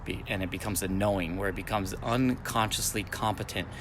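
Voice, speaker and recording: A spiritual teacher in his forties speaks fairly quickly in a lowish voice, repeating phrases like affirmations while he teaches. Traffic hums faintly underneath.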